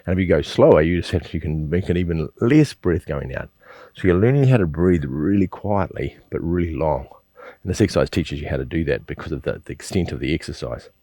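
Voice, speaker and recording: A qigong teacher with a very low, deep voice leads students through a slow breathing exercise, coaching patiently, repeating himself and often checking in with a quick "yeah?". His delivery is animated and mellow, and the sound is dry and close with no room echo.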